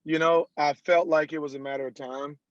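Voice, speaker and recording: A man, a country singer guest on an interview podcast, telling stories lively and acting out the people he quotes. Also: on the high side, fairly quick, no echo. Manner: animated storyteller who acts out quoted dialogue. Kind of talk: casual interview storytelling. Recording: dull lo-fi dry sound.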